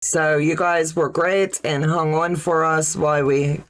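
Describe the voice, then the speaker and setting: A woman's voice: low voice, steady tone, a little slow. A woman hosting a casual sewing livestream, chatting and reading viewer comments aloud.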